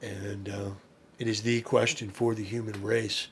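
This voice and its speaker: A priest giving an informal spoken lesson, explaining with fillers and asides and rising to emphatic peaks. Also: male voice, lowish voice, little pitch movement, a little slow, creaky, fairly bright tone, a little hiss or hum. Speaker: priest teaching a study session.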